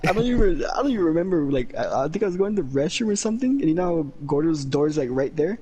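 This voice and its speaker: High-pitched young male co-host, casual banter. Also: sing-song, rapid-fire, warm tone, breathy edge. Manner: casual, says dude a lot. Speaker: podcast co-host. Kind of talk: casual chat.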